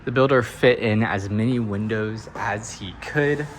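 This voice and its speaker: A man's voice: lowish voice, a little slow, a little hiss or hum. A man working as a real estate agent, walking through an empty house and narrating the tour in a chatty, upbeat way with jokey asides.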